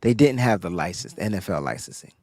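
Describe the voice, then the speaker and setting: A man's voice: sits low, lively intonation, fast, darkish tone, no room sound, studio quality. A man co-hosting a podcast, laid-back and matter-of-fact in casual chat. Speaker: podcast co-host.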